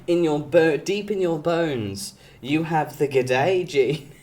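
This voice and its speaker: A man's voice: a little high, slow, a little mellow. A man streaming live, chatting casually with his viewers and teasing them, often breaking into giggles. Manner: giggly, breaks into frequent laughter; playful teasing, talks to chat by name.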